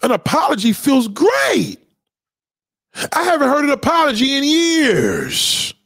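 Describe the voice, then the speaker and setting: A man's voice: very high-pitched, wildly swooping pitch, unhurried, gravelly, fairly bright tone, dry recording, clean studio sound. A man in a heated, profane livestream rant, lecturing his audience.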